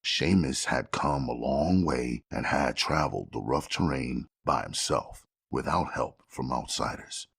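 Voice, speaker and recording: A man narrating a gritty novel in a steady, measured way. His voice sits extremely low with a heavy gravelly fry and a husky edge. The delivery is dry and close. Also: dry recording. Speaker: audiobook narrator. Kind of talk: scripted audiobook narration.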